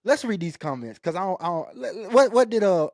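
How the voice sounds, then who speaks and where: A man co-hosting a casual podcast, talking in halting bursts and restarting his words. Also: high-pitched, big pitch swings, a little mellow, dry recording, studio quality. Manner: halting, stumbles and repeats words. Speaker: co-host.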